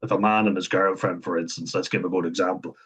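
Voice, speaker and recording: Low husky guy rambling on camera, lots of little laughs and ums. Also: fairly even intonation, fast talker, a bit bright. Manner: thinks aloud, frequent chuckles and ums. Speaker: vlogger talking about autism. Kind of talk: casual unscripted monologue.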